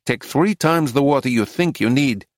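Calm dry-humored settlement boss, read by a man, steady patient voice, dead dry mic. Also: medium pitch, normal speed, dry recording, natural voice. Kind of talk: audiobook character voice.

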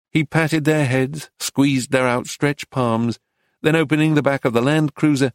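A man reading a story aloud in measured, descriptive narration. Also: mid-range voice, no room sound, studio quality. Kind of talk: audiobook narration.

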